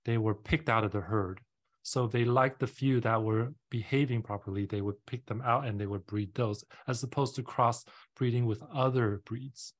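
A man's voice: mid-range voice, steady tone, normal speed. Man host explaining things at length. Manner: explains at length with many fillers. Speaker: podcast host. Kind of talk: casual interview chat.

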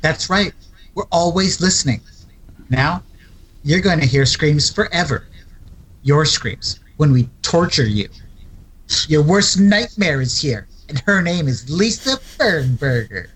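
Brief: husky, swooping ghost lady villain, menacing and taunting, voiced by a man. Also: on the high side, lively intonation, slow, a bit bright, heavily acted, rough recording. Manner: taunting, theatrical threats. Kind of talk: comedic horror parody acting.

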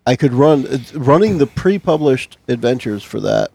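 A man's voice: mid-range voice, lively intonation, moderate pace, creaky, darkish tone, no room sound. A man co-hosting a podcast, chatting casually about tabletop games, rambling with restarts and laughing often. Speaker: podcast co-host.

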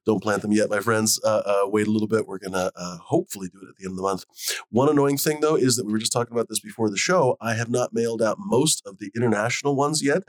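A man's voice: lowish voice, quick pace, no echo. A man hosting a casual livestream, rambling with lots of fillers and casual swearing. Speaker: host. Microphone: desk mic on a live video call.

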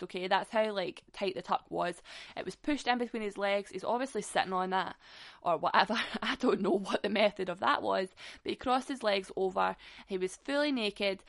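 A woman's voice: medium pitch, fairly bright tone, no echo, studio quality. A woman in her twenties telling a story in casual chat, blunt and sweary, laughing as she goes.

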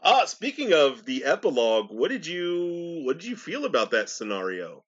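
A man's voice: fairly high pitch, wildly swooping pitch, normal speed, fairly bright tone, husky, muffled recording. A male co-host of a pop-culture podcast, chatting in a laid-back, wry way and laughing often. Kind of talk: casual pop-culture review chat.

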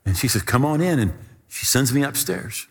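A middle-aged male pastor preaching a sermon, telling a personal story with animated emphasis. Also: medium pitch, moderate pace, breathy edge, big-room sound.

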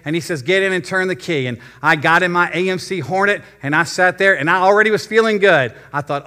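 A middle-aged man, preaching a sermon as pastor and telling a story from his youth, slowing down to stress his points. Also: high-pitched, sharp tone. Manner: storytelling, slows down for emphasis. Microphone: addressing remote viewers.

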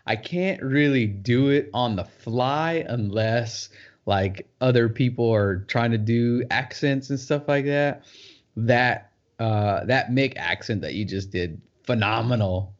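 A man's voice: mid-range voice, slow. A man hosting a podcast, talking enthusiastically and giving motivational asides in casual chat. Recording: dull lo-fi sound.

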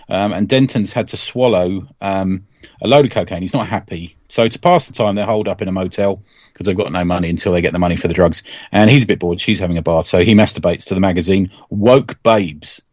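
A man with a fairly low voice, chatting casually as a podcast co-host. He recaps with deadpan humour and throwaway asides. The sound is dry and a little dull, as if from a basic mic. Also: a little fast, no echo. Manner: deadpan storytelling with comic asides. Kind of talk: casual comics podcast chat.

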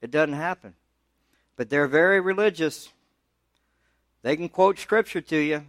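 A man preaching a sermon as pastor, talking through scripture in a conversational way and pushing his voice higher when he presses a point. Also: measured pace, fairly bright tone, no room sound. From United States.

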